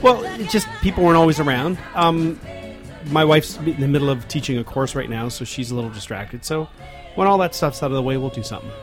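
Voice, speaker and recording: A man's voice: on the high side, quick pace, music in the background. A man in his forties co-hosting a radio show, easygoing and a little hesitant in casual chat. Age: 40s. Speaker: radio co-host. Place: radio studio.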